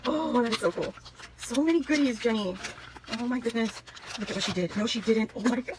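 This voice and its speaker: A woman's voice: sits high, very animated, fast, background noise. A woman vlogger opening craft gifts on camera, gushing and exclaiming again and again in casual chat. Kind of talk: excited casual unboxing chat.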